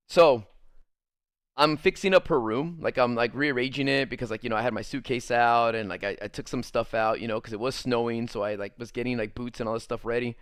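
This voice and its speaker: A man's voice: mid-range voice, a bit bright, clean tone, dry recording, studio quality. A young man casually telling a rambling personal story while gaming, packing his talk with "like" and acting out the people in it. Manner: rambling, filler-heavy, many "like"s. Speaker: streamer.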